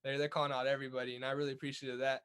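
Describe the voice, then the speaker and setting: A man's voice: medium pitch, level tone, racing, fairly bright tone, clean tone. A young man from California's Central Valley, a boxer talking earnestly as a guest in a casual interview, often repeating words as he goes. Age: young adult.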